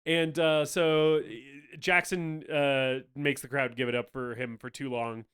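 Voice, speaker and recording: A man's voice: mid-range voice, little pitch movement, measured pace, fairly bright tone, smooth. A man co-hosting a casual movie-review podcast, talking animatedly, laughing often and swearing freely. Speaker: podcast co-host.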